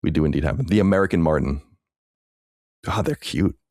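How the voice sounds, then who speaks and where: A man's voice: very deep voice, a little fast, a little mellow, dry recording, studio quality. A man co-hosting a podcast, chatting casually in a rambling, filler-heavy way. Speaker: podcast co-host. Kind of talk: casual chat.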